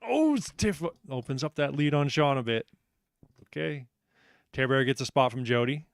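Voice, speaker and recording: A man's voice: mid-range voice, expressive, normal speed, vocal fry, dry recording, studio quality. A man hosting a live trivia night, upbeat and joking, reading out questions and answers and teasing the players. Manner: upbeat, joking, self-deprecating.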